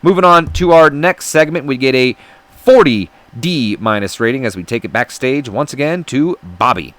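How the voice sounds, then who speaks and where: A man's voice: mid-range voice, lively intonation, moderate pace, fairly bright tone. Chatty, self-mocking man narrating a game. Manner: chatty, self-deprecating, rambling asides. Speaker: let's-play host. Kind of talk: casual commentary on a wrestling game playthrough.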